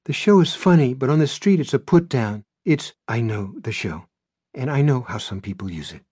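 A man's voice: medium pitch, expressive, normal speed, darkish tone, husky, dry recording, studio quality, pitched above the performer's own voice. A man voicing an earnest young woman, hurt but insisting firmly.

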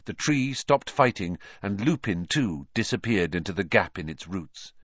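A male audiobook narrator reads expressively, his mid-pitched voice rising and falling in a lively, animated style at normal speed. The recording is dry and close with no echo, its top end slightly dull and muffled.

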